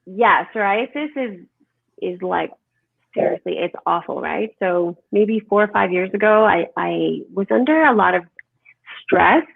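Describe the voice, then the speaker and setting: A woman's voice: medium pitch, measured pace, vocal fry, slightly rough, no echo. Emphatic woman on a tinny line. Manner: animated, emphatic, lots of "right?". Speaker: holistic health speaker. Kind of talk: conversational interview. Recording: tinny phone-like line, dry.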